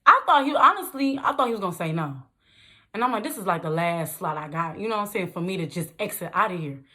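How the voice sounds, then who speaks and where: A young woman talks straight to her viewers in an easygoing vlog. Her voice sits a little low, and she jumps up in pitch to make a point. She keeps things loose and animated and laughs often. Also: fast. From Detroit, USA. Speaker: vlogger. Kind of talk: casual storytelling to camera.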